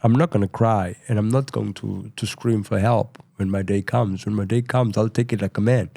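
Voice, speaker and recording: A middle-aged South African man telling his story in a casual interview, rambling and full of "you know," going quieter at tense moments. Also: fairly low pitch, fairly even intonation, normal speed, creaky. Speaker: podcast guest.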